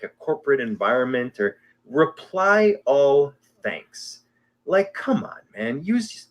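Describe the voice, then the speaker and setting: A man, delivering an exasperated comedic rant. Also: medium pitch. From Canada. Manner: exasperated, complaining. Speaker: podcast guest.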